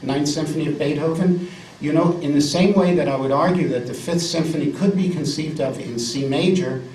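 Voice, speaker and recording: A man in his fifties giving a live lecture as a pianist, emphatic and jokey, repeating words for effect. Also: a little high. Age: 50s. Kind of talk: live music lecture with piano examples. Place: salon lecture room indoors. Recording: roomy, distant live recording with piano.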